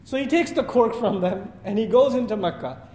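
High-voiced male preacher in an echoey hall. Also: moderate pace. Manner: animated storyteller, acts out dialogue, laughs at own lines. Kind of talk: sermon storytelling. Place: mosque prayer hall. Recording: echoey hall with faint noise.

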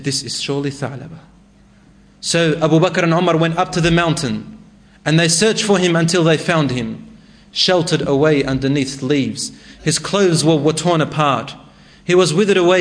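Emotive high-voiced male preacher. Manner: emotive, acts out quoted voices with rising intensity. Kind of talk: sermon storytelling.

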